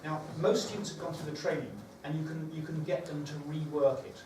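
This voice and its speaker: A man's voice: fairly high pitch, fairly even intonation, brisk. A man leading a teacher training session, talking conversationally and thinking aloud with fillers. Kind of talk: workshop talk to teachers. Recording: echoey room, far from the mic, background noise.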